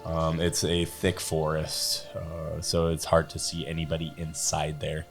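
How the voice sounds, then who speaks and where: A man with a notably low voice runs a tabletop game, narrating the scene in a loose, halting way. He fills pauses often. Faint music plays beneath him. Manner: relaxed, halting narration with many fillers. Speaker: dungeon master.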